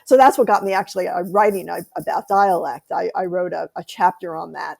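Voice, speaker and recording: An American woman author, a guest on an interview podcast, telling lively anecdotes in conversation. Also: lowish voice, a little fast, vocal fry, breathy edge. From United States.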